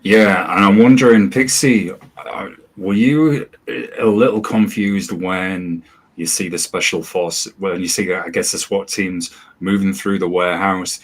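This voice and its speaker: A man's voice: sits low, fairly even intonation, a little slow. A man from UK, co-hosting a casual film review chat in a hesitant, self-deprecating way. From northern UK. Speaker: co-host.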